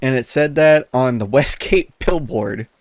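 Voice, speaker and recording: A man co-hosting a podcast, telling a story in casual chat, animated, laughing as he talks and swearing often. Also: medium pitch, unhurried, dry recording. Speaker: podcast co-host.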